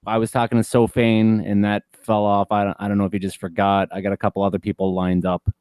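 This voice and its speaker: A man with a low voice talks easily as a guest on a stream call. The sound is dry and close, with no room around it. He trips over his words now and then, with small restarts. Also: little pitch movement, fast talker, darkish tone, clean tone, no echo. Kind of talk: casual chat.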